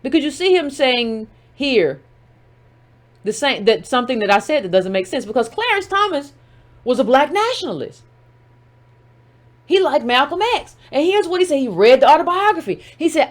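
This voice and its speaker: A woman's voice: sits high, expressive, moderate pace. A woman giving livestream political commentary, emphatic and firing rhetorical questions while speaking straight to her audience.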